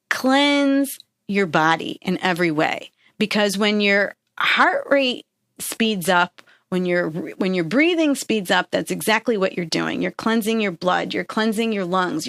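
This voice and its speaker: Dry, studio-quality audio carries a woman's medium-pitched, slightly bright voice. Hosting a podcast, she gives sincere, upbeat self-help advice casually, peppering it with "right?" and "okay?".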